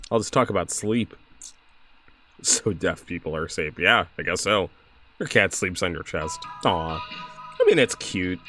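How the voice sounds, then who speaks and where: A man's voice: on the low side, a bit bright. A young man streaming a game, chatting casually, laughing often and reading on-screen text aloud.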